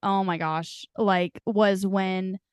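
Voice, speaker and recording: A woman's voice: mid-range voice, fairly even intonation, takes it slowly, smooth, no echo. Young woman podcaster gushing about a show, laughs a lot, dry close sound. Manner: gushing, laughs often, acts out quotes. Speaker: podcast host. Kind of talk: casual chat.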